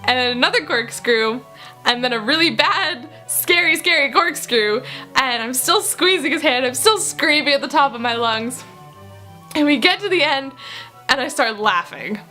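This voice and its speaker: A young woman telling a story in her vlog, excitable and giggly, quoting other people as she goes. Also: sits high, moderate pace, faint music behind. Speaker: vlogger.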